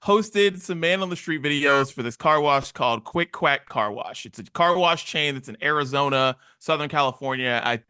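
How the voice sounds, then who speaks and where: Bright, animated podcast man. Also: fairly high pitch, normal speed, few pauses, clear, resonant tone, no echo, clean studio sound. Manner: animated storytelling with acted-out quotes. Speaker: podcast co-host. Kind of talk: casual chat.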